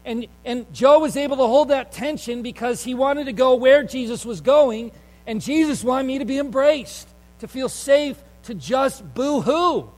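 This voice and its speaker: A man's voice: very high-pitched, measured pace, a little mellow, big-room sound, poor audio. A male pastor preaching a sermon in an earnest, conversational storytelling way, with fillers and emphatic turns.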